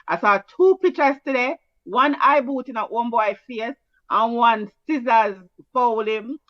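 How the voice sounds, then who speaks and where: A woman with a Jamaican accent co-hosting a casual sports chat, teasing and quick-fire in her delivery. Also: fairly high pitch, dry recording. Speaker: co-host. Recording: dull, dry, lo-fi mic.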